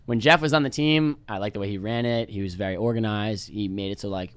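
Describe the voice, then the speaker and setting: A man's voice: on the low side, fast talker, clear, resonant tone. A young man from New York, a podcast guest telling rambling, laid-back stories and swearing freely. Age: young adult. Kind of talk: casual storytelling chat.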